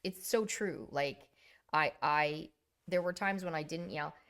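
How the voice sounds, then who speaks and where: A woman co-hosting a casual chat, telling lively stories about coaching and acting out her own yelling. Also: deep voice, unhurried. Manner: animated storyteller, acts out her own yelling. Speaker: podcast co-host.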